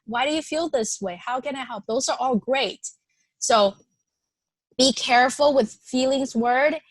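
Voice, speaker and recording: A woman presenter runs an online workshop in a conversational way, reading suggestions aloud and affirming each one. Her voice sits a little high. It is recorded dry and close, with no room sound. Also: measured pace, no echo. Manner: reads participants' suggestions aloud and affirms them; conversational, with frequent fillers and restarts.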